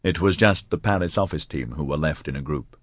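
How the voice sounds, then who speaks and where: A man reading an audiobook in a scripted narration style, even and measured. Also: a bass voice, no echo, studio quality.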